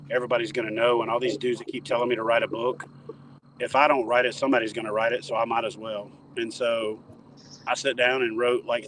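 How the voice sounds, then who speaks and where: Outdoors by a dock, a man from the southern US's Toledo Bend area spins casual stories as an interview guest, joking and rambling in an animated way. His medium-pitched voice comes through a low-quality recording with a little hiss or hum.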